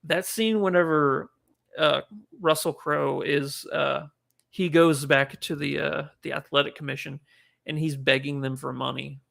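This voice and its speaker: A man's voice: a little high, steady tone, unhurried, vocal fry, fairly bright tone. A man co-hosting a casual movie podcast, rambling and laughing often as he talks through films he loves. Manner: chatty, rambling, laughs often, gets emotional. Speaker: podcast co-host. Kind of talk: casual movie review chat.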